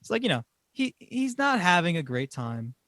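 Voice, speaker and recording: A man's voice: high voice, very animated, moderate pace, sharp tone, no echo, studio quality. A man co-hosting a casual podcast chat, rambling through his thoughts with frequent laughs and swearing. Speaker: podcast co-host.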